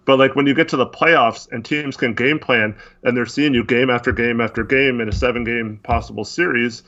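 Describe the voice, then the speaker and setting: A man's voice: mid-range voice, fairly even intonation, a little fast, fairly bright tone, lo-fi sound. A man co-hosting a casual sports podcast, rambling and frustrated with lots of fillers. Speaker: podcast co-host.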